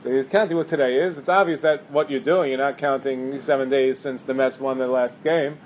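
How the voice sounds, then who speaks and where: A man's voice: medium pitch, steady tone, brisk, slight background noise. A man teaching a casual halacha class, thinking aloud with fillers and restarts. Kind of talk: casual Torah class lecture.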